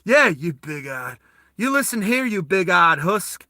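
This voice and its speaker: A man's voice: sits high, sing-song, a little slow, sharp tone, no echo, clean studio sound, full character voice. A man voicing a cool knife-throwing commando with a put-on Southern accent, drawling and threatening. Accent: put-on American Southern.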